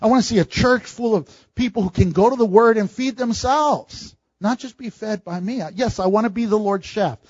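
A man's voice: sits high, moderate pace, hardly any pauses, no room sound, muffled recording. A male pastor preaching a verse-by-verse sermon, acting out quotes with laughter and animation.

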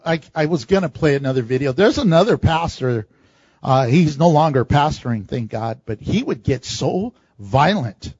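A high-pitched man preaches a verse-by-verse sermon to his church. He acts out quotes and laughs along. The sound is dry and slightly lo-fi. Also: a little mellow, breathy edge, no echo. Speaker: pastor.

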